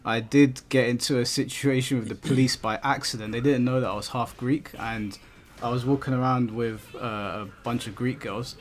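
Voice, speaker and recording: A man from England hosts a gaming livestream in casual chat. He tells stories loosely, restarting his sentences often. His voice sits at an ordinary middle pitch. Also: steady tone, moderate pace. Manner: rambling storytelling with many restarts. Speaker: streamer host.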